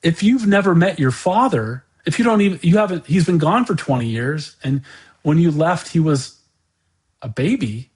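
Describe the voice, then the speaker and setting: Male podcast host, somewhat high pitch, unscripted musing delivery, halting, full of restarts and repeated words. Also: lively intonation. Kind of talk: unscripted monologue commentary.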